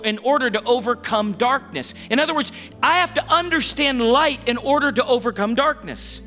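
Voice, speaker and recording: A man's voice: very high voice, pushed and bright. Male pastor, conversational sermon, frequent restarts, reverb from a church hall, faint music behind. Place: church sanctuary.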